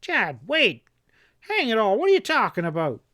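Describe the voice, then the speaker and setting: A man voicing a cowardly, scheming outlaw in a western audiobook, with a high, whining, pleading voice. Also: measured pace, fairly bright tone, clear, resonant tone, dry recording, clean studio sound. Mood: terrified.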